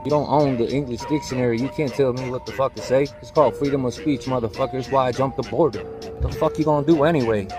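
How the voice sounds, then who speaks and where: Fast, defiant man ranting over music. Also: medium pitch. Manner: defiant, profane, rising to yelling. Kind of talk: heated rant. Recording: clip with loud music behind.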